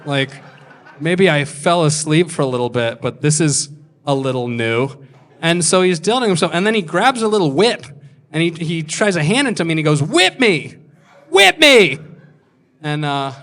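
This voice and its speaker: A man in his twenties telling a crude story on stage as a stand-up comedian, deadpan with sudden shouted punchlines. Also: fairly high pitch, normal speed. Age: 20s.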